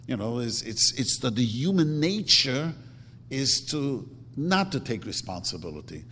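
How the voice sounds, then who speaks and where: Guy teaching a torah class, emphatic, repeats himself, mid pitch, long hall echo. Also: big pitch swings, measured pace, sharp tone, a little hiss or hum. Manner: emphatic, repeats words, acts out quotes. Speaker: religious teacher. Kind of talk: Torah lecture.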